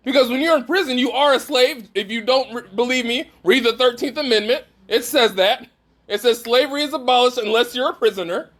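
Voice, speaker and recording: A man with a strikingly high voice preaches to a gathered group. He talks emphatically and keeps pressing his listeners with direct questions. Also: a bit bright. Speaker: speaker at a faith gathering. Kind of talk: preaching talk to a live group.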